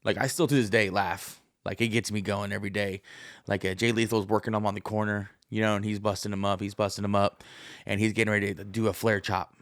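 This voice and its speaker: A man's voice: flat delivery, fast talker, fairly bright tone, no room sound, studio quality. A man in his thirties, a podcast host, in a rambling, profane, jokey monologue. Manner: profane, jokey, puts on high voices to act out stories.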